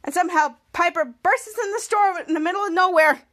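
A woman with a very high voice recaps a TV episode scene by scene for her podcast. She reads the characters' lines with extra lift and stumbles over her words now and then. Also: fairly quick, very noisy. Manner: reads quoted lines in a livelier voice, many restarts. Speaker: podcast host.

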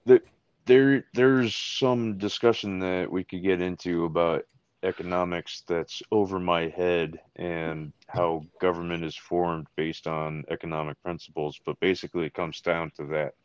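A man's voice: low-pitched, fairly even intonation, unhurried, smooth, no echo. An American man, a podcast co-host in casual political chat, crude, joking and opinionated. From United States. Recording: dull lo-fi dry recording.

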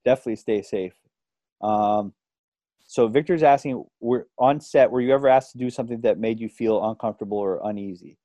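Chatty young man, mellow voice. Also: medium pitch, brisk, no echo, clean studio sound. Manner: chatty, rambling, filler-heavy. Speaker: podcast host. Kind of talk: casual interview storytelling.

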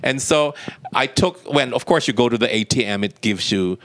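A man's voice: mid-range voice, moderate pace, no room sound. A man being interviewed, telling a personal story and acting out the dialogue as he goes. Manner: lively retelling with quoted dialogue. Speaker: interview guest. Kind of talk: anecdotal storytelling.

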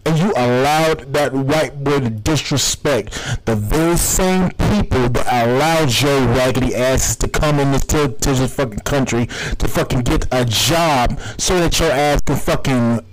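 A man's voice: medium pitch, measured pace, poor audio. Heated profane man ranting. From United States. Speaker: podcast host. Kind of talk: solo podcast rant.

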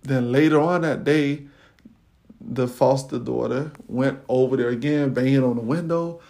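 A man's voice: mid-range voice, unhurried, creaky, a little mellow. A man hosting a podcast, casually telling a personal story in slangy talk with many fillers. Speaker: podcast host.

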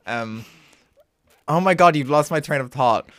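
A man's voice: a little high, animated, slow pace, a bit bright, dry recording, studio quality. A young man co-hosting a podcast, rambling through gossip with frequent laughs. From Ireland. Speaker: podcast co-host. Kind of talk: casual chat.

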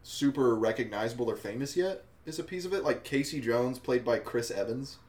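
A man from Colorado, hosting a podcast in casual chat, telling animated stories and laughing often. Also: mid-range voice, a little fast. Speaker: podcast host.

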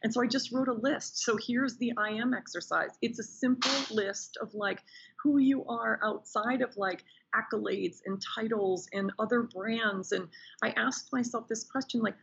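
Woman guest, husky tone, muffled remote podcast audio, eager storyteller. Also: a little high, normal speed. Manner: enthusiastic, animated storyteller. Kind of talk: casual interview chat.

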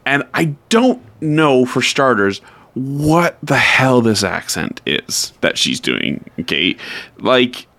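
A man co-hosting a podcast in casual chat, with blunt, drawn-out complaints. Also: medium pitch, sing-song, a bit bright. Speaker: podcast co-host.

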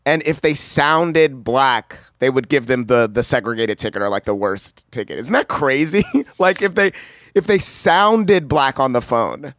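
A man co-hosting a casual film-review podcast, telling stories in a halting way with many restarts. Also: medium pitch, expressive, a bit bright, no room sound. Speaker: podcast co-host.

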